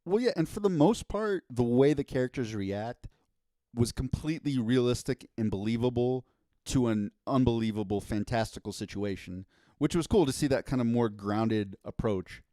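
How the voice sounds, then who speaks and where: A man's voice: mid-range voice, lively intonation, normal speed, mellow, dry recording, clean studio sound. A man co-hosting a podcast in casual chat, giving opinions with eager restarts. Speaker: podcast co-host.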